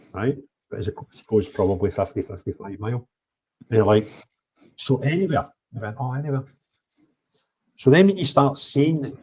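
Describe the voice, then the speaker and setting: A man telling of his travels in an animated livestream chat, blunt, swinging between loud outbursts and low mutters. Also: breathy edge. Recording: dull lo-fi stream audio.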